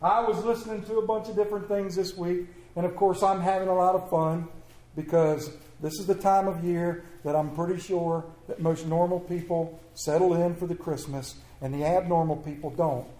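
Fervent preacher in an echoey church. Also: male voice, sits high, steady tone, moderate pace, mellow. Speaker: pastor. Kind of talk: sermon. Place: church sanctuary.

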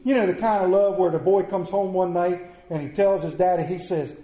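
A male pastor preaching a Sunday sermon, animated and joking with the congregation, swinging between loud emphasis and quiet asides. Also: sits high, a little fast, few pauses. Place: church sanctuary. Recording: echoey church room.

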